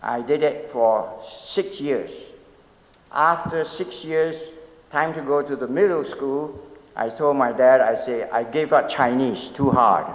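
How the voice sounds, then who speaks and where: A man's voice: medium pitch, slow. A man in his seventies, a pastor giving a conversational sermon, telling stories and asking the audience questions with light humor. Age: 70s. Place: church sanctuary. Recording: long echoey church reverb.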